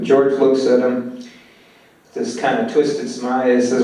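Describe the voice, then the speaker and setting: A man's voice: mid-range voice, flat delivery, a little slow, mellow. A man lectures on screenwriting and retells scenes from a script. He talks in a loose, conversational way. The room is very echoey, and he sounds some distance from the microphone. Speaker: film lecturer. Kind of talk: lecture walking through a film script.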